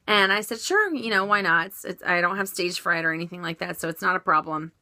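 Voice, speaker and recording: A woman's voice: lowish voice, fairly even intonation, fast, bright, forceful tone, no echo. A woman chatting casually as she answers viewer questions in a vlog, upbeat with many fillers and restarts.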